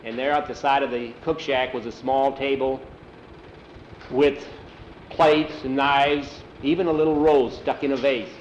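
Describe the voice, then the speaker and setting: A man telling a story aloud in a plain, unhurried way and acting out the dialogue himself. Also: mid-range voice, fairly even intonation, reverberant, highs cut off, slight background noise. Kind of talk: oral storytelling.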